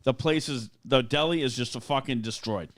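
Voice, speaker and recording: A man's voice: medium pitch, moderate pace. A man hosting a casual podcast chat, telling a frustrated story with lots of swearing. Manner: animated ranting storyteller, swears a lot. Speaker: podcast host.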